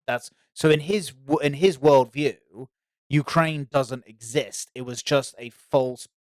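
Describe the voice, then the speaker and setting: A man's voice: mid-range voice, takes it slowly, darkish tone, no room sound. A man co-hosting a podcast in casual chat, hesitant and stammering through restarts. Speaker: podcast co-host.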